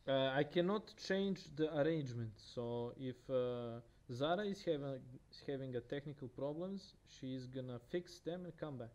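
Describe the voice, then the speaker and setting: A man's voice: medium pitch, normal speed, hardly any pauses, a little mellow. A man with a Russian accent casting a video game match by himself, talking casually with many fillers and restarts. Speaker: esports caster. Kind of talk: solo game commentary.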